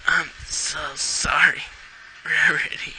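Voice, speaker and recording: A woman's voice: low-pitched, fairly even intonation, slow pace, pushed and bright, a little hiss or hum, heavily acted, low-quality recording. A man voicing a guilt-ridden young female pony who whispers tearfully in a breaking voice.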